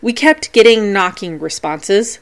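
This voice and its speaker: A woman with a mid-range voice, speaking unhurriedly, tells her paranormal investigation stories on her podcast in a scripted, playful, animated style. There's slight background noise.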